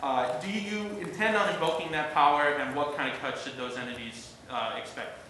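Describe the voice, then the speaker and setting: A male reporter puts measured, formal questions to officials. He sounds very echoey, as if recorded from across a reverberant room, with clear background noise. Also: a little high, sharp tone. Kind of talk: press question.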